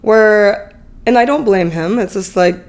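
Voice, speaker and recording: A woman's voice: mid-range voice, unhurried. A woman in her thirties, a podcast guest, telling a personal story candidly in a chatty, emotional way full of fillers.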